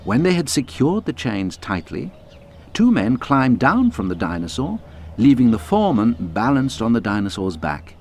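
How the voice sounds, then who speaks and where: A man's voice: mid-range voice, moderate pace. Male narrator reading a kids story, voice swoops all over, little tape hiss. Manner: lively, expressive storytelling. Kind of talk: children's audiobook narration.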